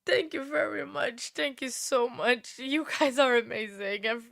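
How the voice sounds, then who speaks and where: Female streamer host, high bright voice, slow easy delivery, tearful and gushing with thanks. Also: vocal fry, dry recording, studio quality. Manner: emotional, tearful, laughs often, thanks viewers repeatedly. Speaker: livestream host. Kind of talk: casual livestream chat.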